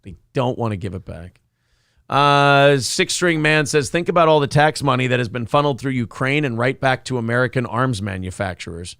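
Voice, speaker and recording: A man's voice: medium pitch, normal speed, fairly bright tone, no room sound, studio quality. Sarcastic profane male talk-show host. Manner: sarcastic, profane, mocking voices for animals. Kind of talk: casual crude banter, reading chat comments.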